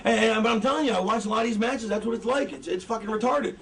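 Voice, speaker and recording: A man with a high voice gives a loose, swearing talk to students and keeps losing his thread. He sounds set back from the mic. A faint wash of noise sits under him. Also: fast talker, fairly bright tone. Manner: rambling, loses his train of thought, swears a lot. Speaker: wrestling trainer. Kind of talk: casual profane lecture. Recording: distant mic with background noise.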